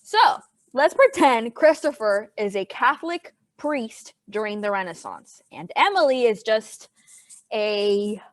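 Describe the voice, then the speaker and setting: A woman's voice: on the high side, dry recording. A woman history teacher giving an online class lecture over a video call, chatty and playful with her students.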